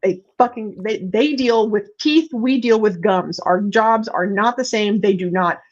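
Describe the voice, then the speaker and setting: A woman's voice: mid-range voice, unhurried. Woman, host, casual chat, candid, swearing, many restarts, muffled lo-fi audio. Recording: dull lo-fi sound.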